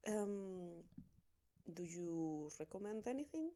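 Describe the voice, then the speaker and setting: A woman's voice: medium pitch, expressive, slow, dark tone. Woman playing a hesitant farm girl. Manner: hesitant, trying to seem knowing. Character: serious young farm woman baffled by technology.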